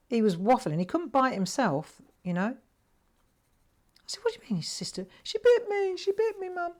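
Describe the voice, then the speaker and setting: A middle-aged woman hosting a live crafting show from home, chatting and telling a rambling story while she paints. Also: medium pitch. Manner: chatty, rambling storyteller who laughs often. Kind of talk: live crafting demonstration with chat.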